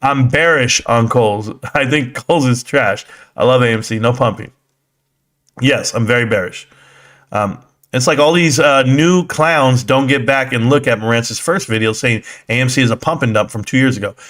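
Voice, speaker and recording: Blunt, animated male stream host. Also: medium pitch, normal speed. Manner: blunt, animated, talks back to chat, laughs often. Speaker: livestream host reading and answering chat. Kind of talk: casual livestream market commentary.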